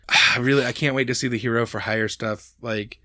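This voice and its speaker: A man co-hosting a podcast, talking in a loose, rambling way full of fillers and false starts. His voice sits at an ordinary middle pitch. The sound is dry and close, with no room echo. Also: fairly even intonation, normal speed, bright, forceful tone. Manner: rambling, with many fillers and restarts. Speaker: podcast co-host. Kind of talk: casual chat.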